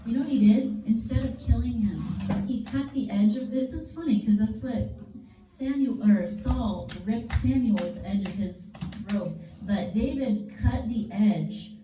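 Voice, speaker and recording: Woman, children's church teacher, lively casual storytelling, mellow low tone, far-off mic. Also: unhurried. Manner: animated, casual storytelling with props. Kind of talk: children's Bible lesson. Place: church classroom. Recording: roomy, distant mic, faint background noise.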